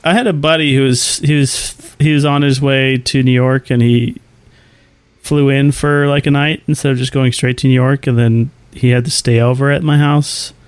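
A man's voice: medium pitch, flat delivery, moderate pace, smooth, no echo. A man co-hosting a casual chat, teasing and joking with the others. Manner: teasing, jokey banter. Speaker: podcast co-host.

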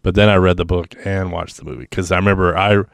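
A man's voice: low voice, fairly even intonation, fast talker, gravelly, no echo. A man in casual podcast chat, wry and teasing. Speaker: podcast co-host.

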